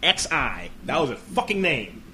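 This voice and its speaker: Fairly high in pitch and at an ordinary speed, this man hosts a podcast with slight background noise behind him. He swears a lot, stays animated, and acts out quotes during the laid-back comedic conversation.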